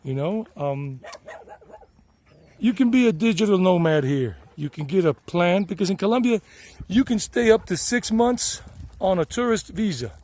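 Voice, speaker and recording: Vlog host, man with a Southern American accent, middle-aged, rambling and chatty, talking outdoors, slightly high voice. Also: expressive, normal speed, darkish tone. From United States. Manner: rambling, chatty, self-correcting. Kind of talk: casual outdoor vlog talk. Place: outdoors in the countryside.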